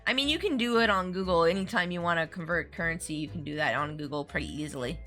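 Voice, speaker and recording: A woman's voice: on the low side, fast, fairly bright tone. A woman streaming a game, chatting casually and giggling between asides. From United States. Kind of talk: casual let's-play commentary. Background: faint game music.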